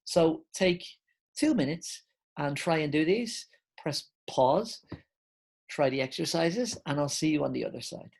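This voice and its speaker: A woman's voice: deep voice, animated, measured pace, vocal fry, darkish tone, breathy edge. A woman teaching an online English grammar lesson, explaining step by step and calling her viewers guys.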